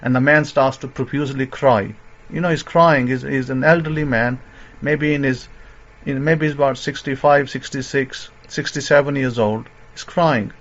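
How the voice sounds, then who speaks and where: A male religious teacher speaking at a middle pitch, telling a long story in sermon style. He rambles, circles back and restarts his phrases. The recording is dull and lo-fi. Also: fairly even intonation, moderate pace, a bit bright. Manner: rambling, many fillers and restarts.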